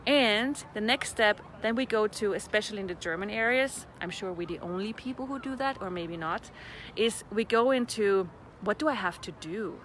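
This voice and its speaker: A woman with a bright, clear voice gives a chatty, playful motivational talk outdoors. She is relaxed and quick to laugh, and she repeats set phrases. A faint hum of traffic sits behind her. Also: mid-range voice. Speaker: facilitator of a personal-development class. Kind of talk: casual motivational talk to camera.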